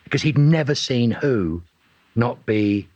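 A middle-aged man, a guest actor, telling anecdotes in a lively way and acting out what other people said. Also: mid-range voice, measured pace, dry recording. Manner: lively storyteller who acts out other people's lines. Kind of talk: anecdotal storytelling. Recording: dull lo-fi recording.

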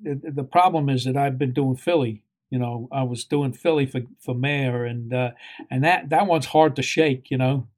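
An older man, a guest actor in an interview, speaking haltingly with many pauses and fillers. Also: medium pitch, a little mellow. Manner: halting, many ums and uhs. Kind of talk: conversational interview.

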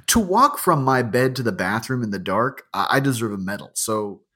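A man's voice: very animated, moderate pace, hardly any pauses, a bit bright, slightly rough. A man co-hosting a podcast, joking casually and reading spooky accounts aloud. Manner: joking, reads quotes in a low rustic voice. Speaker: podcast co-host.

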